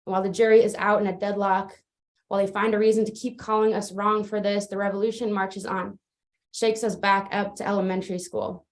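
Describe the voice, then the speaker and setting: A woman's voice: medium pitch, fairly quick. A woman performing a spoken word poem at an open mic, reciting steadily and joining by video call. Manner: steady, even recitation with little rise and fall. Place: remote, joining from afar.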